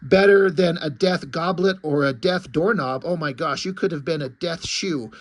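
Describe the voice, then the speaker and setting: A man's voice: a little high, moderate pace, natural voice. A man reading as a chirpy ghost chicken head. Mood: chatty. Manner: cheerful, chatty, unbothered.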